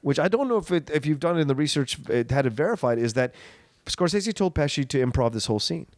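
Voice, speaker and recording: A man's voice: fairly high pitch, big pitch swings, fast talker, no echo. A man co-hosting a casual film discussion, talking emphatically and backing up his partner with frequent agreement. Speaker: podcast co-host.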